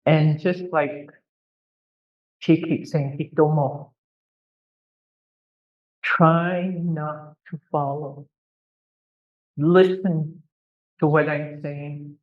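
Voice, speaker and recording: Very slow-speaking language teacher drilling words. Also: mid-range voice, fairly even intonation. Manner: drills words by repetition, patiently corrects pronunciation; teasing, good-humoured with students. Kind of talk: classroom pronunciation lesson. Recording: dull lo-fi classroom recording.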